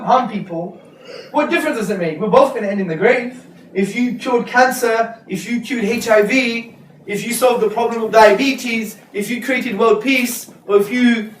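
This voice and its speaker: Guy preaching to students, jokey and animated, slangy, echoey hall, mic a bit far off. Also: high voice, slight background noise. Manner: animated, joking, street slang. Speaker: Islamic speaker. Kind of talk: lecture to students. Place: lecture hall.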